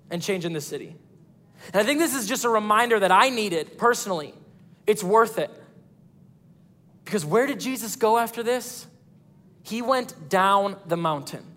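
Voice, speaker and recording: A man preaching a sermon as pastor of a church, animated, acting out quoted voices. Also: high-pitched, long reverb tail.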